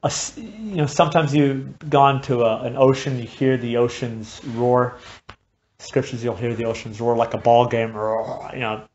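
A man preaching a sermon in an impassioned way, moving from hushed, quiet stretches to loud, fervent passages. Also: medium pitch, normal speed. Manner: impassioned, swings from hushed to shouting. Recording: dull lo-fi recording with faint noise.

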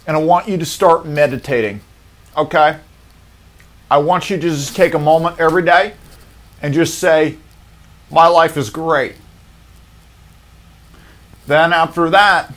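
A man's voice: high-pitched, pitched above the performer's own voice. A man doing an impression of a cheerful older male talk-show host giving counsel in a preachy, theatrical way.

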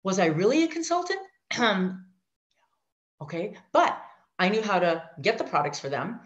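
A middle-aged woman sharing her life story, animated, acting out voices and speaking asides to her listeners. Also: medium pitch, moderate pace. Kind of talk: personal testimony talk. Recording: dull lo-fi audio.

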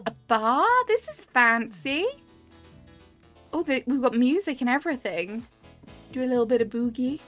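A woman live-streaming a game tour, chatting cheerfully and greeting her chat by name. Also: sits high. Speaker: streamer touring game islands. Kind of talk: casual live-stream commentary. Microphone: webcam with desk mic. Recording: dry close mic, game music behind.

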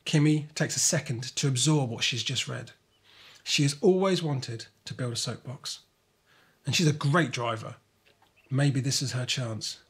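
A man narrating a children's storybook in a lively, expressive way. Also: mid-range voice, a little slow, breathy edge.

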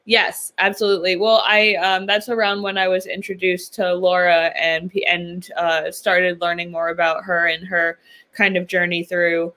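A young woman from New York talks as a guest on a podcast in a loose, chatty way. Her voice is bright and forward, and her sentences are full of fillers and small laughs. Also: on the low side, flat delivery, moderate pace. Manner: chatty, laughs often, many ums and likes. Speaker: podcast guest, political commentator. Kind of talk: casual interview chat.

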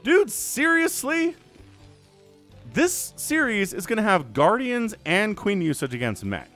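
Male solo game caster, fairly high voice, animated and chatty, quick joking asides, faint music underneath. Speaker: game shoutcaster. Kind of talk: casual solo game commentary.

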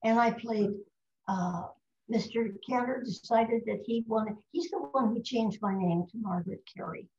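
This older American woman, a voice actress appearing as a guest, shares anecdotes with energy and loves doing voices during a relaxed storytelling interview. Her pitch sits slightly high and her pace is moderate, captured in a roomy, somewhat muffled recording.

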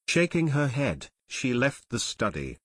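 Steady male audiobook narrator, dry. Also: medium pitch, unhurried, slightly rough, dry recording. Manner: steady, even storytelling. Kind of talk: scripted narration.

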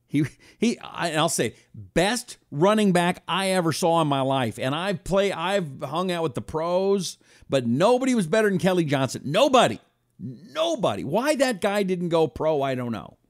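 A man's voice: a little high, very animated, normal speed, no room sound, clean studio sound. A man hosting a live talk stream, chatting loosely with viewers, reading out their comments and making blunt asides. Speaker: host.

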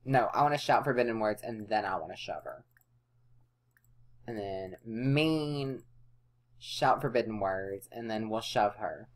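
A woman's voice: very deep voice, expressive, a little slow. A woman casually commenting on a life-simulation game she is playing, chatty and playful, sometimes voicing her characters' lines. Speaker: let's play host.

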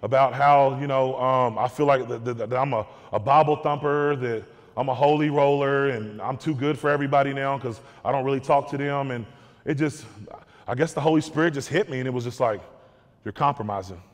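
A man's voice: medium pitch, steady tone, brisk. A man giving a candid personal testimony to an audience, earnest and repeating words as he searches for them. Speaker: guest speaker. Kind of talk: testimony talk. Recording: long hall reverb.

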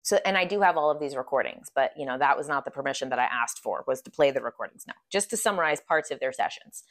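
A woman's voice: a bass voice, lively intonation, fast, fairly bright tone. A woman telling a story in a chatty, casual way, full of "like" fillers.

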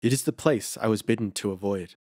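A calm, earnest Roman traveller in an old folk tale, read by a male narrator. He speaks steadily and sincerely in a lowish voice. The recording is dry and close. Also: brisk, no echo, natural voice. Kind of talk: audiobook character reading.

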